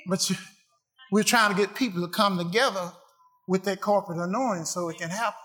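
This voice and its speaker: A man's voice: high voice, fairly quick, bright, forceful tone. A man preaching a sermon to a congregation, emphatic and rhythmic, repeating phrases for effect.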